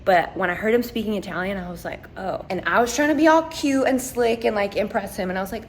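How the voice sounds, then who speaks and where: A woman's voice: mid-range voice, quick pace, hardly any pauses, slight background noise. A young woman telling a story in a chatty, giggly way, talking to a handheld camera for her travel vlog. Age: young adult. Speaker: travel vlogger. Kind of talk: casual vlog chat. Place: hotel room and outdoors. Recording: echoey with loud ambience.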